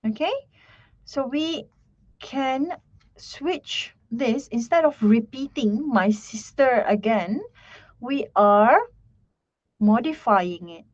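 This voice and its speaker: A woman teaching English grammar in an online lesson, slowly repeating herself and checking in with "right?" and "okay". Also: a little high, expressive, muffled recording.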